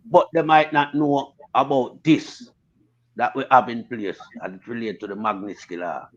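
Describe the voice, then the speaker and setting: A Jamaican man chats casually in heavy patois during an online group audio chat. His voice is mid-pitched and comes through dull and lo-fi. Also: fairly even intonation, moderate pace.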